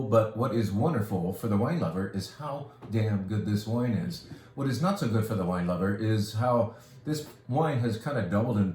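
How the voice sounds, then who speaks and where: A Californian man hosts a wine shop video, mixing casual product talk with a wine tutorial in an enthusiastic, rambling way full of jokey asides. His voice is lowish and darkish in tone, with a roomy sound.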